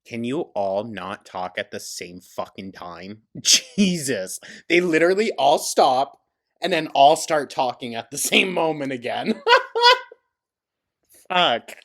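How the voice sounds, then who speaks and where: A woman's voice: rumbling low, animated, takes it slowly. A woman hosting a reaction commentary, mocking and sarcastic, swearing and laughing often. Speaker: commentary host. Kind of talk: reaction commentary over a stream clip.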